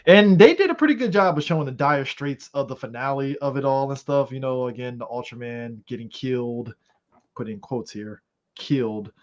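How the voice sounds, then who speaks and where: Animated, profane man on a podcast. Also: mid-range voice, moderate pace. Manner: animated, profane, rambling with frequent fillers. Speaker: podcast co-host. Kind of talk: casual chat. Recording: slightly muffled lo-fi audio.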